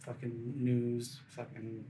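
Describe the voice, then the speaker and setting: A man's voice: medium pitch, completely flat delivery, takes it slowly, dark tone, a little hiss or hum. Young man chatting with laughs. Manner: laughs often, swears casually. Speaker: podcast co-host. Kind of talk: casual chat.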